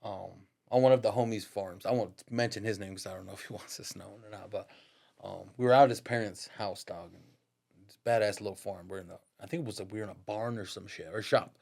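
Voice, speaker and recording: A man's voice: fairly low pitch, steady tone, fast, gravelly, darkish tone. A man on a podcast as the guest, telling a story in a casual, profane, slang-heavy way and laughing through it. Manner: profane, slang-heavy, addresses listener as "dog"; laughs through his stories.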